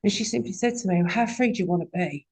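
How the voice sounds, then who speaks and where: A woman's voice: mid-range voice, fast talker, a little mellow, husky. A woman in her forties giving a raw, candid personal testimony at a recovery meeting and swearing often.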